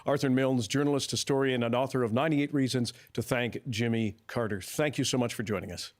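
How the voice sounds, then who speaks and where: Brisk male radio host. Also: mid-range voice, fairly even intonation. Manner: brisk and polite, quick announcements. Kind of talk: live radio hosting.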